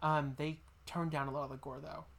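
A woman co-hosting a podcast, chatting casually and excitedly about a movie and acting out its lines. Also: low-pitched, a little fast. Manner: excitable, gushing, acts out quoted movie lines. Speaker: podcast co-host.

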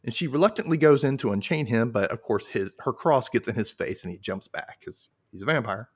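A man's voice: mid-range voice, fairly quick, slightly rough. A man hosting a casual TV recap podcast, joking and acting out characters' lines. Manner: animated, jokey, acts out characters' lines. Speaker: podcast host.

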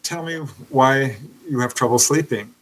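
A man voicing a calm, professional woman hypnotist who gently questions her client. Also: mid-range voice, a little slow, close to an everyday voice, rough recording.

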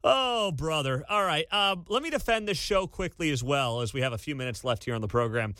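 A man hosting a college sports talk radio show, ranting with incredulous energy and bursts of shouting. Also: fairly high pitch, quick pace, no room sound, studio quality. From Kansas City area. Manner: animated, incredulous rants with sudden shouting.

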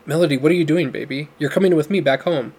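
A man voicing a gruff, commanding older father who talks in a booming, demanding way. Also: quick pace, a little mellow. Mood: booming, angry.

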